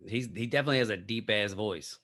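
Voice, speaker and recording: A man's voice: lowish voice, quick pace, a bit bright. A man co-hosting a podcast in casual chat, laid-back and mostly giving short agreeing replies. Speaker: podcast co-host.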